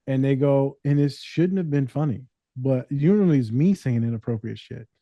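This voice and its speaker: A therapist and podcast co-host telling stories in casual, profane, joking chat. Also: male voice, mid-range voice, normal speed, mellow, no room sound, lo-fi sound.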